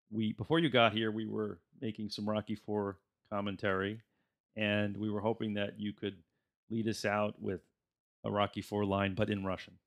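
A male podcast host with a somewhat low voice. He talks in an easygoing, chatty way and laughs often while closing out the episode. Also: fairly bright tone. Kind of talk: casual podcast chat.

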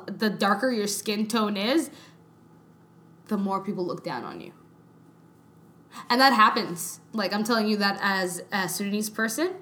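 A woman's voice: mid-range voice, sharp tone. A woman with a Canadian accent co-hosting a podcast in casual, emphatic chat, rambling with fillers. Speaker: podcast co-host.

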